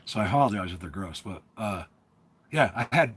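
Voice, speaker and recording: A man's voice: lowish voice, animated, fairly quick, a bit bright, slightly rough. A man from New Jersey hosting a casual livestream, rambling along with lots of fillers and restarts. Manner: rambling, filler-heavy, self-interrupting. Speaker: livestream host.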